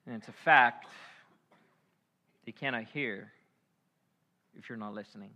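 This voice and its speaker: A man preaching a sermon as a pastor, animated and acting out biblical figures, swinging from hushed to loud. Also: medium pitch, a little slow.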